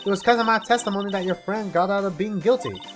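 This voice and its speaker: A man's voice: high voice, fast, faint music behind, pitched above the performer's own voice, close to an everyday voice. A man voicing a brash young southern woman photographer with a folksy, bossy drawl. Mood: reproachful. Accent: Southern US (put on).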